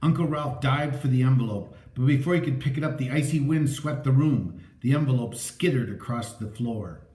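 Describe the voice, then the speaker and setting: A man narrating a story aloud with a dramatic, lively reading. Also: mid-range voice, normal speed, few pauses. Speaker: audiobook narrator. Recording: echoey room.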